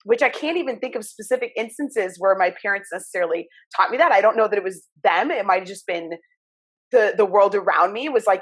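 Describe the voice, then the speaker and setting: A woman hosting a podcast, chatting casually and acting out stories with lively, expressive delivery. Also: mid-range voice, brisk, slightly rough. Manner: animated storyteller, acts out childhood voices. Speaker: podcast host. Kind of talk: casual conversation.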